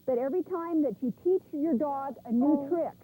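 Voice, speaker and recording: A woman's voice: high voice, normal speed, warm tone, rough recording. A woman animal trainer leading a class, talking casually and repeating commands with firm emphasis. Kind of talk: instructional class talk. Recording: VHS video recording.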